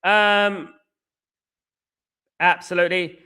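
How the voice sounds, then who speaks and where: A man hosting a casual live stream chat, excitable, repeating phrases and reading out comments. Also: high voice, takes it slowly, smooth.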